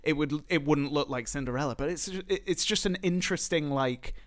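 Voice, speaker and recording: A young man co-hosting a casual podcast, rambling with fillers and animated retellings. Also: on the high side, fairly quick. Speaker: podcast co-host. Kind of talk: casual chat.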